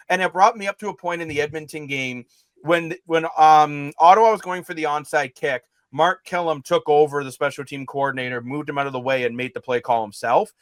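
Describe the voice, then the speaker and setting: A man's voice: fairly high pitch, fairly bright tone, no echo. A man co-hosting a sports talk show, ranting with emphatic frustration about a team's poor play.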